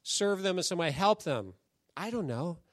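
This pastor's voice sits high, with lively intonation and a moderate pace, as he preaches in a church sanctuary. He tells his stories in a chatty way, voicing each character himself, and the studio-quality recording has no room sound.

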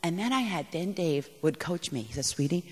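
Animated woman speaking in an echoey hall. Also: fairly low pitch, normal speed, soft background music. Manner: animated and emphatic, self-mocking. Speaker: speaker at a parenting talk. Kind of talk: talk to an audience.

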